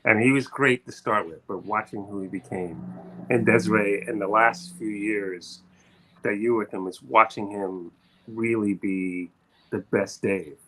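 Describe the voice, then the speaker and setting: A man with a fairly low voice reminisces over a video call. He talks in a reflective way, stopping often with ums and uhs while he gathers his thoughts. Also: sharp tone, slight background noise, rough recording. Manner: reflective, pausing with frequent ums. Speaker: musician friend sharing memories. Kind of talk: spoken memorial tribute.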